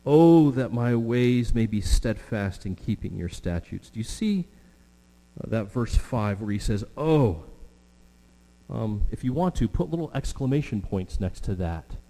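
A middle-aged man preaching a sermon with earnest, drawn-out emphasis and frequent fillers. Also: lowish voice, expressive, warm tone. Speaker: pastor. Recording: long hall reverb with mains hum.

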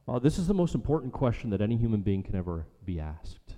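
A man's voice: lowish voice, sing-song, fast talker, few pauses, dark tone, muffled recording. A man preaching a sermon as a pastor, emphatic and rhetorical, repeating his key lines for weight. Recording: long hall reverb.

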